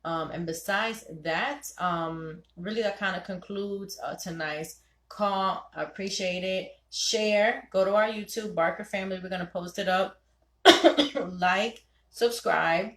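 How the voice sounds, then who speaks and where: Young woman giving advice on a call, lively and preachy, echoey room. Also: mid-range voice, unhurried. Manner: animated, preachy, quotes her husband in voices. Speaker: host of a ladies' night call. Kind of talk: casual talk to listeners.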